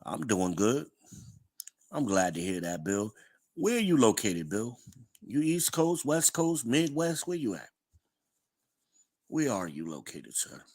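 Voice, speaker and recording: A man's voice: mid-range voice, sing-song, measured pace, long pauses, a little mellow. A man hosting a podcast livestream, chatting casually, reading out comments and laughing often. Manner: chatty, reads chat aloud, laughs often. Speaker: podcast host.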